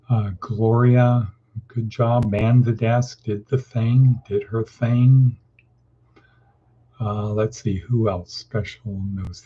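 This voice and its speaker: A Californian man hosts a daily motivational session in the morning, rambling in a folksy way as he hops between topics. His voice is fairly low, a little mellow and slightly rough. The recording sounds dull and lo-fi.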